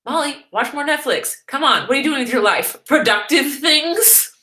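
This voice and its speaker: A woman's voice: sits high, animated, a little fast, pushed and bright. A young woman vlogger chatting casually and playfully as she answers viewers' questions. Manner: chatty and playful, jokey asides. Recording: echoey room.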